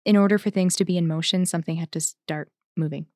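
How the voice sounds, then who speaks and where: A woman who is a religious sister, co-hosting a faith podcast in a reflective, conversational way, pausing to think and laughing easily. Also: fairly low pitch, steady tone, darkish tone, dry recording, clean studio sound. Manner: thoughtful, pauses with fillers, laughs easily.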